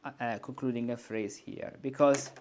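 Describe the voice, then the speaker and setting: Male music teacher, mid-pitched, relaxed teaching voice, hums melodies on syllables, keyboard playing behind. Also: normal speed. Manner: hums and sings melodies on syllables while thinking aloud. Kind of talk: informal composition lesson at the keyboard.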